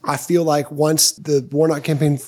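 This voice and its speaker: A man hosting a political radio show, talking in a relaxed, chatty way. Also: on the high side, normal speed. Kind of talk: casual radio talk.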